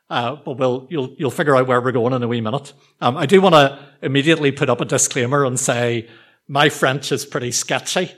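Preaching to his congregation, a man with a medium-pitched voice keeps things casual and conversational, poking fun at himself, with frequent ums and restarted sentences.

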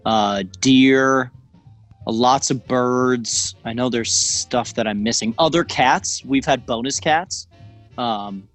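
A man's voice: mid-range voice, slow, faint music behind. Joking podcast man, rambling. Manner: jokey, rambling storyteller. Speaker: podcast co-host. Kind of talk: casual chat.

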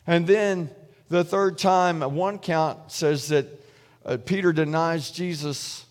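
A man giving a sermon in a relaxed, conversational way, retelling a story and acting out the quoted voices. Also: a little high, takes it slowly. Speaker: preacher. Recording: reverberant hall.

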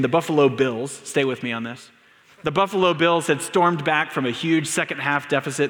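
A man's voice: mid-range voice, fairly bright tone. A man preaching a sermon to his congregation, telling stories and building to emphatic, raised lines. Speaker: pastor. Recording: long reverb of a large room.

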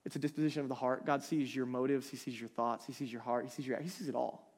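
A man in his thirties preaching a conversational sermon, animated and chatty, laughing lightly between points. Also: medium pitch, quick pace. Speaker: pastor.

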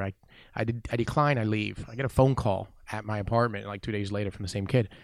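Coach around forty, lowish voice, dry close mic, animated storyteller who voices the people in his stories. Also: fast, vocal fry, no echo. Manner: animated storyteller, acts out dialogue, says "man" a lot. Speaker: weightlifting coach. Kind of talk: storytelling in a podcast interview.

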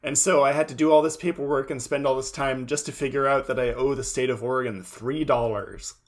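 A wry podcast co-host from the Pacific Northwest. His voice sits in a middle pitch, and he chats casually, laughing often and quoting lines from the episode. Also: fairly even intonation, brisk, slight background noise. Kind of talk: casual recap chat.

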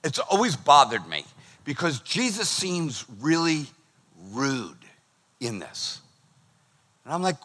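A middle-aged man preaching a sermon as pastor, lively and acting out the voices he quotes. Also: on the high side, a little slow. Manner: animated, acts out quoted voices.

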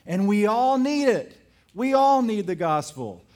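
A male pastor delivering a sermon in a high, light voice. He speaks slowly and deliberately, building points with emphatic repetition and slipping into little acted-out quotes as he tells his stories. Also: very animated, a little mellow.

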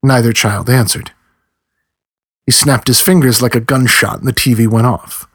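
A man reads a novel aloud in a measured storytelling voice with a husky, slightly breathy edge. His pitch sits in an ordinary middle range. He is recorded close and dry, with no room sound around him. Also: fairly even intonation, a bit bright, no echo. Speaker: audiobook narrator. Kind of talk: scripted narration.

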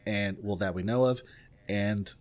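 A man's voice: on the low side, steady tone, measured pace, a little mellow. A man from the States, chatting casually and animatedly about a film and swearing freely. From southern United States. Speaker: podcast co-host.

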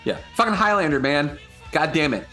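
A man's voice: on the high side, animated, moderate pace, pushed and bright, soft background music. A man co-hosting a podcast in casual chat, swearing often and laughing a lot. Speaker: podcast co-host.

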